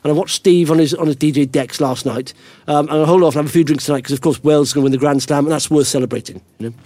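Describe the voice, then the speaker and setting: A middle-aged man hosting a podcast, chatting casually in an excitable, rambling way. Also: a little high. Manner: excitable, rambling, quick-fire. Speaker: podcast host. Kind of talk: casual investing podcast chat.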